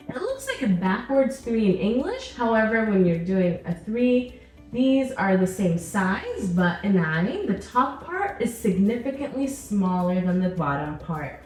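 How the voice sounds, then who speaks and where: A woman teaching a pronunciation lesson, patiently repeating each sound slowly for the learner. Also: medium pitch, a little mellow, reverberant, far from the mic. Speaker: Arabic teacher.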